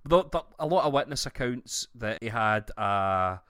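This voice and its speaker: A man's voice: medium pitch, unhurried, clear, resonant tone, no echo. Scottish man in a dry, close room. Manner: sweary, animated storytelling with laughs. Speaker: podcast co-host. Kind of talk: casual chat.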